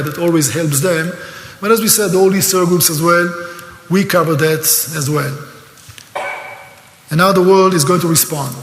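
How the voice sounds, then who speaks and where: An older man with an Israeli accent giving a live seminar lecture, emphatic and sarcastic, at times openly emotional. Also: sits high. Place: lecture hall. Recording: echoey hall.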